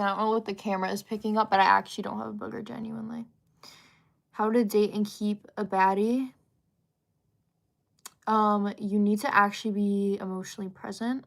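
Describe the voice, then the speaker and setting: A woman's voice: medium pitch, creaky. A young woman hosting a livestream, chatting casually and reading out viewer comments, with lots of fillers and giggly asides. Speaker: livestream host.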